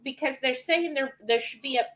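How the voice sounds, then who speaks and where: Woman co-host, a bit high, chatty live-stream manner, reads comments aloud. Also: a little fast, a bit bright. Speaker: cooking show co-host. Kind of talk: live-stream cooking chat.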